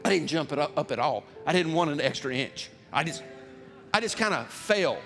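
Male pastor, high and expressive, animated storyteller, long church reverb. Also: moderate pace, gravelly, soft background music. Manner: animated, acts out voices in his story, shouts and laughs. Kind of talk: sermon with storytelling.

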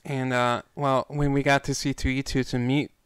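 A man with an exceptionally clear, smooth voice at an ordinary pitch. He co-hosts a casual podcast, telling stories in a relaxed, easygoing way. His voice is recorded dry and close. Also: moderate pace, no echo, poor audio. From Chicago area. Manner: relaxed, easygoing storyteller with fillers. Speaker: podcast co-host.

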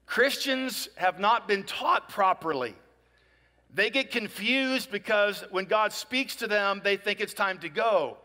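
High, bright-voiced male pastor preaching. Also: takes it slowly, big-room sound. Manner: conversational, asks "right?" often, acts out people in dialogue. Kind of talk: sermon.

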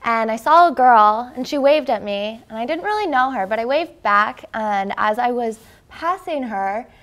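A woman's voice: on the high side, expressive, moderate pace, fairly bright tone. A young college woman, a game show contestant, telling a short story in a chatty, amused way. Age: young adult. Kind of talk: casual storytelling.

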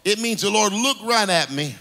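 A man pastor preaching a sermon in a rhythmic, sing-song style that swells into shouts. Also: high-pitched, expressive, normal speed. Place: church sanctuary. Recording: reverberant hall with music underneath.

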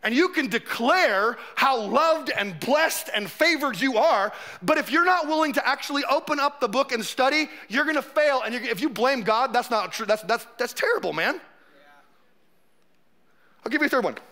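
Bright, high-voiced joking preacher man. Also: animated, normal speed. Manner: conversational, joking, acts out quotes. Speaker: pastor. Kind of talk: sermon.

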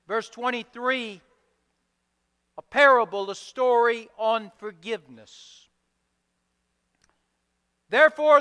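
A pastor preaches in a high, bright, forceful voice that moves at a slow, deliberate pace. His words stay smooth and resonant, and he stacks repeated phrases for emphasis. A long church reverb trails behind every line. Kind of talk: sermon. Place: church sanctuary.

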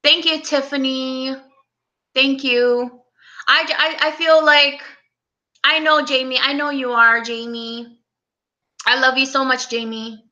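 A young woman chats on a live stream, talking slowly in a bright, higher voice. She sounds close to tears and speaks softly as she greets viewers one by one. The sound is a little dull, as if from a webcam mic. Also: fairly even intonation. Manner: soft, tearful, greets viewers by name. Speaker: livestream host. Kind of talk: casual live-stream chat.

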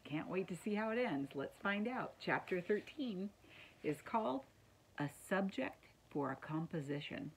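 A woman's voice: medium pitch, expressive, measured pace, gravelly, a little hiss or hum, rough recording. A woman reading a children's chapter book aloud to her class, friendly and explaining words as she goes. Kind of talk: read-aloud storytelling.

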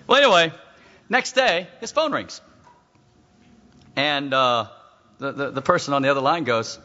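A man's voice: on the high side, unhurried, long pauses, in a large hall, muffled recording. A man preaching a sermon, telling stories with great animation, acting out the voices of people in them and calling out to his listeners. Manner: animated storytelling preacher, acts out voices, calls out to the crowd.

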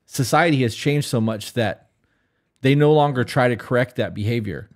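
A man's voice: medium pitch, moderate pace. A middle-aged man co-hosting a podcast, talking casually in a blunt, opinionated way with plenty of profanity. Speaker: podcast co-host.

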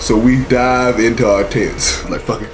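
A young man telling a funny story in a profane, animated, slangy way. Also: mid-range voice, moderate pace, over music. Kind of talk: comedic storytelling.

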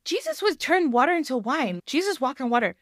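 A woman talking as a podcast guest in casual chat, rambling and animated, often laughing and acting out quoted voices. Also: sits high, fairly quick, dry recording, studio quality.

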